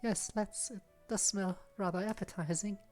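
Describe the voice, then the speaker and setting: A man voicing a shy, bookish young woman from a visual novel, soft, hesitant and polite. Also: sits high, fairly even intonation, moderate pace, soft background music, pitched above the performer's own voice, lightly acted. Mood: gentle. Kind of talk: reading visual novel lines aloud.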